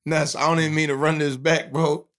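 A young man in a casual group chat, retelling a heated moment in slang with excited energy. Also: on the high side, brisk.

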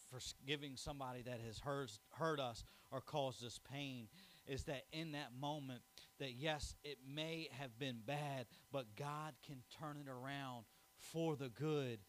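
A young man preaching a sermon, telling a family story, then reading scripture and building to emphatic, rising declarations. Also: medium pitch. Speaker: pastor.

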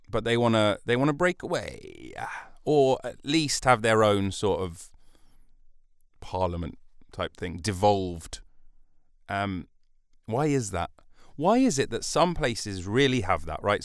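Smooth low-voiced man, rambling. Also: dry recording, clean studio sound. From United Kingdom. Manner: rambling, jokey, self-interrupting asides. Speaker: podcast host. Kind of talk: solo podcast monologue. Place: recording studio.

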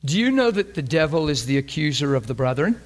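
A man with a somewhat high voice preaches passionately and briskly, very animated, putting direct questions to his congregation. His delivery swings from loud emphasis to hushed, almost whispered lines.

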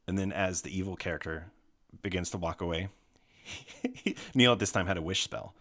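A man hosting a casual podcast chat, retelling a tabletop game story in an animated way, swearing freely. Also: sits low, normal speed. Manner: animated, swearing, breaks into laughter.

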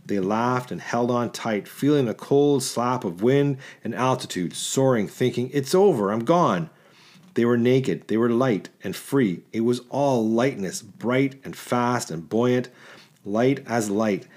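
A man narrating a literary short story in a measured, rhythmic reading. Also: mid-range voice, a little mellow. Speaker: audiobook narrator.

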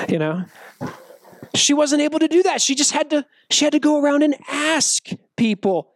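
A man's voice: sits high, moderate pace, no room sound. A man preaching a sermon to young people as their youth pastor, joking and acting out the people in the story. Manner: animated, joking, acts out quotes.

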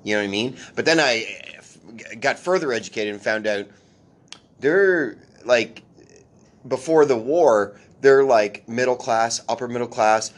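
A man's voice: medium pitch, a little slow. A man in casual conversation with a mid-range voice, easygoing and rambling, with some swearing mixed in. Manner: relaxed, rambling, profane. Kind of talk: casual chat.

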